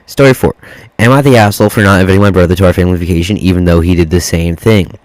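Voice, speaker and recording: A man's voice: low voice, fairly even intonation, racing, darkish tone, no echo, poor audio. A man reading Reddit posts aloud in a casual way, stopping to swear and react to the text. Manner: swears freely, reacts to typos mid-read. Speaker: reddit story reader.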